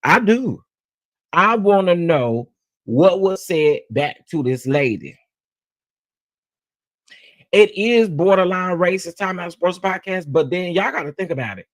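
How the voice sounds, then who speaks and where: A man's voice: sits high, unhurried, long pauses, dry recording. Sassy man doing gossip commentary. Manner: sassy and animated, repeats phrases for emphasis; addresses viewers as "y'all". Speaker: host of a celebrity gossip channel.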